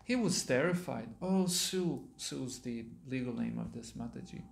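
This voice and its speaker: A man, a monk giving a sermon, reading a story aloud and pausing to explain words to his listeners, in a temple hall. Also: medium pitch, animated, gravelly. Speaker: monk lecturer.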